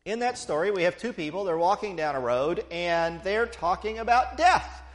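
A man's voice: sits high, animated, normal speed. A man preaching a sermon, retelling a story with playful asides to the congregation.

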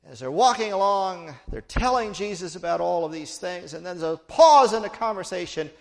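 A man's voice: high voice, animated, moderate pace, gravelly. A man preaching a sermon, retelling a story with playful asides to the congregation.

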